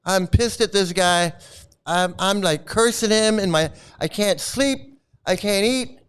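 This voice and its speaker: A man's voice: high-pitched, measured pace, a bit bright, smooth. A man casually telling a personal story, rambling and chuckling often as he goes. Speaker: former member recounting his experiences.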